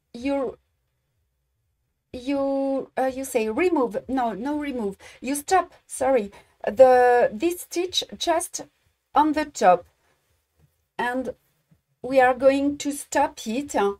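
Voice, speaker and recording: With a high-pitched, darkish voice, a Frenchwoman leads a live embroidery tutorial online. French is her native tongue, and her accent shows as she frequently stops mid-sentence searching for the right English word.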